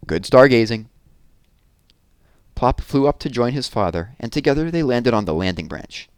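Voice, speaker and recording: A man reading a children's story aloud with a lively, expressive delivery. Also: medium pitch, fairly quick, smooth, no echo, clean studio sound. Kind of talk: children's book read-aloud.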